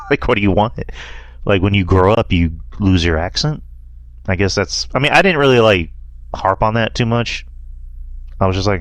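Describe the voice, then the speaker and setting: Deep-voiced man chatting about movies. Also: lively intonation, normal speed, long pauses, fairly bright tone, no echo. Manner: rambling, laughs often, quotes lines in a mocking voice. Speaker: podcast host. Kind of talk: casual movie review chat.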